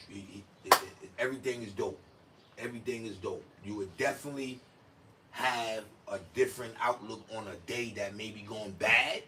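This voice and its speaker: A man with a lowish, sharp-toned voice hosts a laid-back livestream, rambling in slang and acting out quoted asides. The recording comes from a distant mic with a little room noise underneath.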